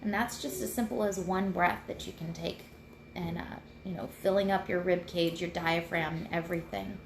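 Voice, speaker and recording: A woman's voice: lowish voice, steady tone, normal speed, creaky. Chatty woman in an echoey home room. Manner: chatty and rambling, self-deprecating. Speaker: host sharing mindfulness tips. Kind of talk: casual live video talk. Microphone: computer mic. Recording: roomy echo, faint room noise.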